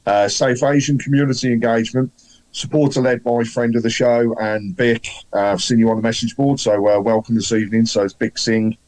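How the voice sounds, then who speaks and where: A man from the co-hosting a football podcast, reading out club news in a relaxed, hesitant way with fillers. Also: mid-range voice, brisk, poor audio. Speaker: podcast co-host. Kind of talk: casual chat with announcements.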